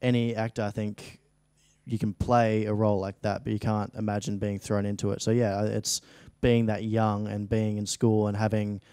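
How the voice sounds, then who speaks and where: The guest is a late-teen Australian actor chatting in a studio interview, his low-ish voice warm and clean, his delivery flat, his pace moderate. He rambles with frequent restarts and fillers, and there's no room sound.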